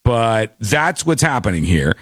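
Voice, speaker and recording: A man's voice: fairly low pitch, big pitch swings, unhurried, fairly bright tone, husky, dry recording, studio quality. A man in his forties hosting a show, joking and incredulous in casual commentary. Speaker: host.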